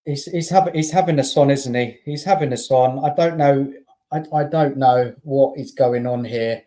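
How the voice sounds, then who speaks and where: A guest talks football on a fan stream in a warm, dark tone. The delivery is exasperated and emphatic, with stammered restarts. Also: mid-range voice, moderate pace. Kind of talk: casual football chat.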